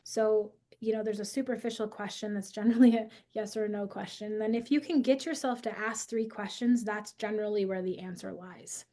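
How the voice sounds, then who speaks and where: A woman in her forties, a podcast guest and school founder, talking in an energetic, emphatic coaching tone. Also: medium pitch, brisk, few pauses. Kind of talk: podcast conversation.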